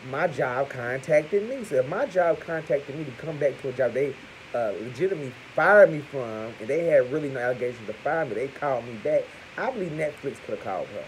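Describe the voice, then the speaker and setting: A man giving crude, profane gossip commentary to his viewers, talking to them as "y'all" and punctuating points with loud exclamations. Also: mid-range voice, brisk, slight background noise, poor audio. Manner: animated, crude, keeps calling out "Hello!". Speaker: vlogger.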